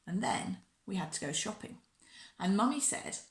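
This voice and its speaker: A woman reading a children's picture book aloud in a warm, expressive storyteller manner. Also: medium pitch, normal speed, reverberant.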